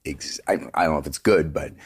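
A man with a very low, deep speaking voice talks casually in an interview. He is a singer telling animated stories and drops plenty of "like" and "dude" along the way, with the odd swear word. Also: fast, breathy edge. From Canada. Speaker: guest singer.

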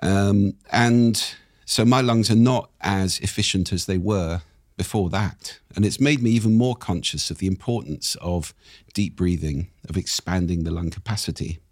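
A man, a speaking coach, explaining in conversation with lively, demonstrative intonation and a husky voice. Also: sits low, normal speed, no echo, clean studio sound.

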